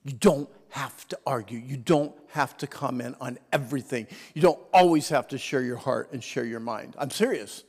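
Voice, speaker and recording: A man preaching a Sunday school sermon to adults, teens and kids, swinging from hushed whispers to shouts and having the audience repeat words after him. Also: mid-range voice, normal speed, hardly any pauses, breathy edge. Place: church hall. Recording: long reverb of a church hall.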